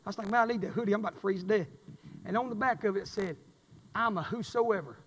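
A man preaching a sermon, swinging from quiet, intimate stretches to loud emphatic peaks. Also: high voice, fast talker, big-room sound, slight background noise, poor audio. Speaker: pastor. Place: church sanctuary.

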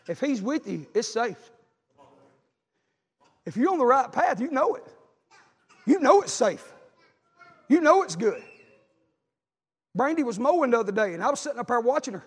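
A middle-aged man, preaching a sermon as a pastor, telling folksy stories with animated emphasis. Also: very high-pitched, normal speed, pauses often, breathy edge. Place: church sanctuary. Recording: long church reverb.

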